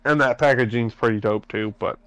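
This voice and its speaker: A man's voice: mid-range voice, brisk, fairly bright tone, no room sound, soft background music. A man co-hosting a podcast while sick, his voice nasal and congested, ranting animatedly through casual chat with heavy swearing. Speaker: podcast co-host.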